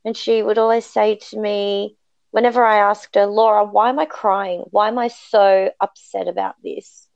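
A woman's voice: medium pitch, steady tone, moderate pace, vocal fry, a little mellow, dry recording. Woman, podcast guest, candid storytelling, emphatic and reflective, dry and slightly muffled recording.

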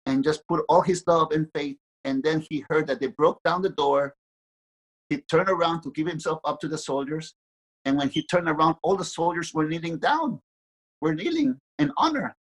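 Male spiritual storyteller, breathy and gentle, animated when telling tales. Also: on the high side, rough recording. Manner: gentle, lively storytelling with voiced quotes.

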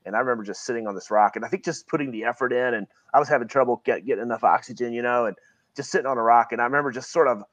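A man's voice: medium pitch, rapid-fire, a bit bright, dry recording. A middle-aged man from Virginia, a guest talking earnestly and reflectively in a casual interview, often restarting his phrases. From Virginia, USA.

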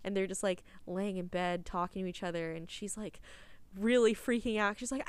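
A young woman co-hosting a podcast, telling a story in a laughing, animated way with plenty of swearing. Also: mid-range voice, normal speed, clean tone, no echo. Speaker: podcast co-host. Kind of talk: casual chat.

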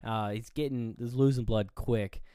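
A man's voice: mid-range voice, moderate pace, smooth, no echo, studio quality. A young man co-hosting a casual movie review chat, retelling scenes with lots of swearing and acted-out lines. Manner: animated retelling, swears freely, acts out lines. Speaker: podcast co-host.

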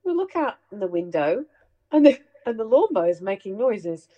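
A middle-aged woman hosting a casual chat, telling family anecdotes in an animated way and laughing along. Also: mid-range voice, moderate pace, highs cut off. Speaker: host sharing family memories.

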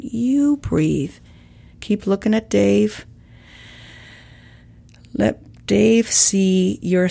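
Woman coach, calm and measured, low voice, slow delivery. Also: vocal fry. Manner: calm, measured, acts out sample lines. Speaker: communication coach. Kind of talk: instructional talk with role-play examples.

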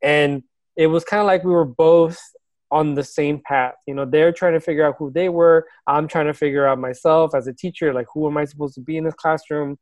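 Earnest man with a fairly high voice. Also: steady tone, fairly quick, darkish tone, no echo. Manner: earnest, reflective, laughs now and then. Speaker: teacher. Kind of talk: casual personal storytelling.

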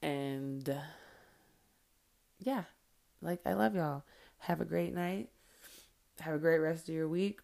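A woman and mother talking straight to her followers in an earnest, blunt monologue, swearing freely and filling pauses with "like" and "um". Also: sits low, creaky, warm tone. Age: adult with children. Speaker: vlogger addressing followers. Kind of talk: heartfelt direct-to-camera monologue.

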